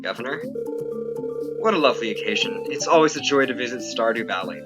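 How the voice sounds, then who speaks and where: A man's voice: medium pitch, expressive, a little fast, over loud music, close to an everyday voice. A man reading the lines of a pompous visiting male governor in a game, in a formal manner.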